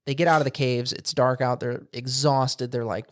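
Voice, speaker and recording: A man's voice: mid-range voice, fairly even intonation, moderate pace. A man co-hosting a podcast, casually telling a rambling story and acting out quotes. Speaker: podcast co-host. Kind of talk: casual chat. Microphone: studio microphone.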